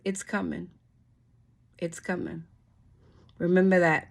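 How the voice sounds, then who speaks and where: A woman's voice: fairly low pitch, measured pace, gravelly, a little mellow. A woman hosting her channel, reading a bill aloud and cursing at it in exasperated commentary, with frequent sighs and restarts. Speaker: channel host.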